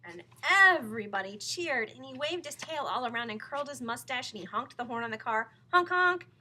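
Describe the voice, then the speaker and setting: A woman reads a children's book aloud with lively, playful storytelling. Her voice sits a bit high and sounds bright. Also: brisk, a little hiss or hum, rough recording.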